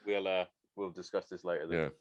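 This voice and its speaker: A man's voice: low voice, steady tone, a little fast, no room sound, lo-fi sound. A man, a chef, guesting on a podcast, chatting casually, laughing often and tripping over words. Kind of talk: casual chat.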